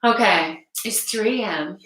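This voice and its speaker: Woman live streamer, slow, bright and giggly, frank and sweary, set back from the mic in an echoey room. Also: medium pitch. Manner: giggly, laughs often between phrases. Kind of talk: casual live-stream chat. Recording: roomy echo, mic at a distance.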